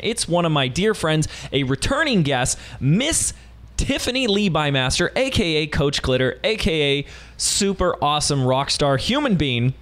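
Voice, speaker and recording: A man hosting a business podcast from a studio, talking in an enthusiastic, emphatic and playful way. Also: on the high side. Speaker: podcast host. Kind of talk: upbeat podcast interview.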